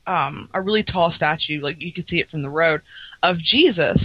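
Relaxed woman co-host, lower voice, muffled dry mic sound. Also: moderate pace, no echo. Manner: relaxed, hesitant with fillers. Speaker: podcast co-host. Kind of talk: casual chat.

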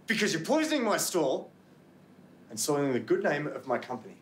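A man's voice: a little high, very animated, a little fast, reverberant, slight background noise. An actor with an Australian accent playing an overzealous, hot-headed male coworker who is fiercely loyal to the company. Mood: fired up. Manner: intense, then overly matey.

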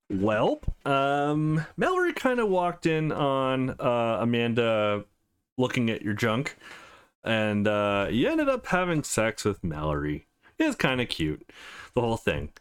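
A man's voice: medium pitch, sing-song, a little slow, clear, resonant tone. A man hosting a let's play, casual and rambling with fillers as he plays. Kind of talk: casual gameplay commentary.

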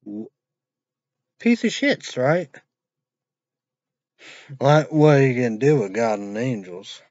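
A man's voice: mid-range voice, big pitch swings, takes it slowly, a little mellow, dry recording, lo-fi sound. A man rambling and swearing through a casual vlog, trailing off into mumbles. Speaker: vlogger reviewing an energy drink.

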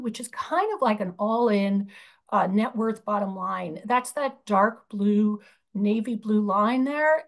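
A woman chairing a union budget committee, presenting slides over a video call, explaining with frequent fillers and restarts. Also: on the high side.

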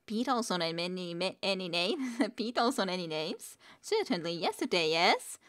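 A woman's voice: on the low side, sing-song, moderate pace, a bit bright. A woman voicing a tiny winged jungle creature that babbles in tremulous riddles. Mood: puzzling. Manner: babbling nonsense, tremulous, sobbing.

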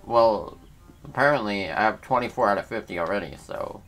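A man's voice: lowish voice, moderate pace, fairly bright tone, faint music behind. A man hosting a let's play, giving casual, slangy gameplay commentary as he thinks aloud.

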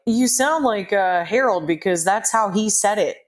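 A woman co-hosting a podcast, chatting casually about a TV show in an animated, often exasperated way and laughing often. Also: medium pitch, normal speed. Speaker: podcast co-host.

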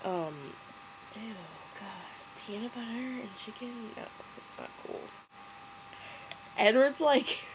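A sarcastic young woman, sick and a bit congested, riffing on a movie in a mocking, giggly way. Her voice sits fairly low for a woman. A faint hiss runs under the home webcam recording. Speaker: vlogger. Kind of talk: casual movie commentary.

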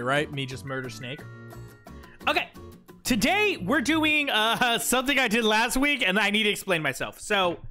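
Give me a man chatting casually with his stream chat, playful and self-mocking, with a bright, forceful voice. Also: high voice.

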